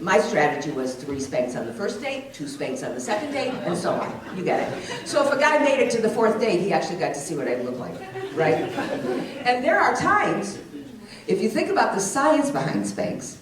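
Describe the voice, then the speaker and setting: A middle-aged woman works a comedy club crowd with brash, teasing stand-up and a lively, swinging pitch. Her voice sounds distant and echoes heavily around the room, with a loud audience laughing behind her. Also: fairly quick.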